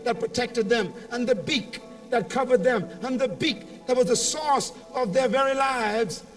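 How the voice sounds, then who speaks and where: In a large convention hall, a motivational speaker with a strikingly high voice slowly stretches out each word, telling his story with dramatic build-ups and prompting the crowd to call back. The microphone is distant, and faint music plays underneath.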